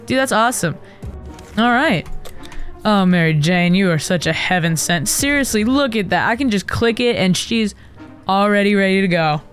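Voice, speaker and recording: Excitable woman commenting on a game. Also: mid-range voice, moderate pace, soft background music. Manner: excitable, melodramatic, sarcastic asides. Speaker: gaming streamer. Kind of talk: casual gameplay commentary.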